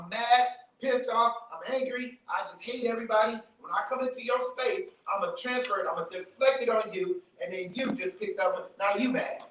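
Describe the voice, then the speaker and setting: High-voiced man lecturing in an echoey hall. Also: a bit bright, a little hiss or hum. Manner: emphatic, repeats points, checks in with the crowd. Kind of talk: live lecture to a room audience. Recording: very echoey room, mic from far off.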